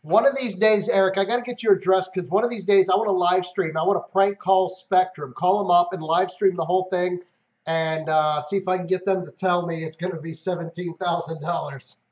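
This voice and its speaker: High-voiced man hosting a livestream. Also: fairly even intonation, fairly quick, darkish tone. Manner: reads out and answers viewer comments. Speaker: livestream host. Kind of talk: casual livestream chat.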